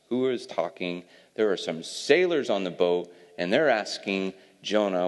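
Male pastor, low voice, sermon reading with casual asides; reverberant church hall. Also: sing-song, moderate pace. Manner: reads scripture then explains with casual asides.

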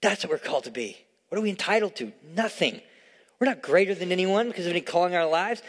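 A young adult man preaching a sermon in church, emphatic and repetitive, swinging between hushed storytelling and loud declarations. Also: sits high, lively intonation, fast talker. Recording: long hall reverb.

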